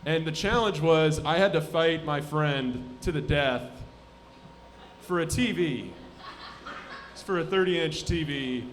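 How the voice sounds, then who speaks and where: A man in his twenties doing a live stand-up set in a comedy club, deadpan, muttering asides and then bursting into shouted voices. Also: on the high side, takes it slowly, pauses often. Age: 20s.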